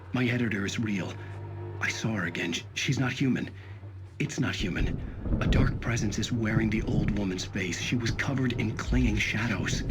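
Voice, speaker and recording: An actor playing a frightened male writer in a game, speaking in a tense, halting confession. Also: on the low side, lightly acted. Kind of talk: video game monologue. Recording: loud background noise.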